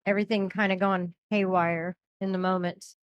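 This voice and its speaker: A woman narrating a tabletop game as game master and host, lively and welcoming toward a live audience. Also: medium pitch, normal speed, dry recording, dull audio. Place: live show at a cafe venue.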